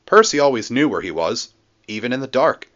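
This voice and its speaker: Male storybook narrator, lively varied delivery, dull lo-fi mic. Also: mid-range voice, a little fast. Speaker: storybook reader.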